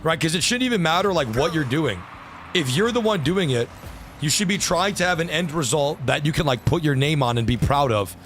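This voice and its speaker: A man's voice: a little high, animated, fairly quick, fairly bright tone, slight background noise. A man livestreaming a game, talking to chat in frustrated rants and swearing freely. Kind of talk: gaming livestream commentary.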